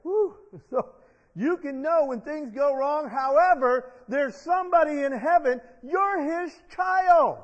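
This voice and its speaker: Man, pastor, very high voice, call-and-response sermon, long church reverb, dull lo-fi sound. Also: a little slow. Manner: call-and-response preaching with the congregation. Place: church sanctuary.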